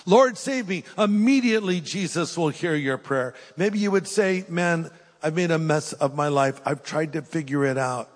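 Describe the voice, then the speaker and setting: An older male pastor preaches to a congregation, earnest and pleading, lifting his voice for emphasis and then dropping to a hush. His voice sits fairly high for a man. It rings with the long reverb of a large church hall. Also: normal speed. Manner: earnest, preacherly, swings between rising emphasis and hushed pleading. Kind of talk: sermon with altar call. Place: church hall with live audience.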